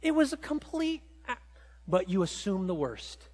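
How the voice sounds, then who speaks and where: A male pastor with a notably high voice delivers a sermon in a church. He swings between excited, climbing storytelling and hushed, low reflection. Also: moderate pace, big-room sound. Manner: animated storytelling, rising high when excited, dropping low and quiet for reflection. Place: church sanctuary.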